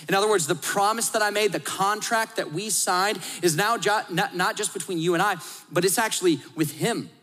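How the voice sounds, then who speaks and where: Bright, high-voiced man preaching in a hall. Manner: animated storytelling, acts out voices, swings from loud to hushed. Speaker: pastor. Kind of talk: sermon.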